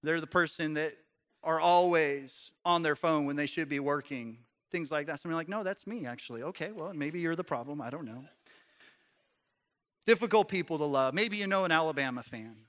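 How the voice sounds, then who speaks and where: A man's voice: on the high side, normal speed, a bit bright. A man preaching a sermon in a church, conversational and joking with the congregation. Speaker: pastor. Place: church sanctuary.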